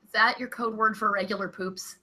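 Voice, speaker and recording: A young woman co-hosting a comedy podcast, chatting casually and animatedly, gleefully ranting and breaking into loud exclamations. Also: medium pitch, steady tone, a little fast. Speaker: co-host.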